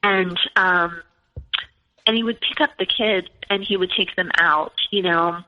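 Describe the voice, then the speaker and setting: A woman's voice: fairly low pitch, fairly even intonation, unhurried. A woman in her forties telling her own story as a podcast guest, chatty and full of "like" and "you know". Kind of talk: personal storytelling in conversation. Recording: lo-fi with long reverb.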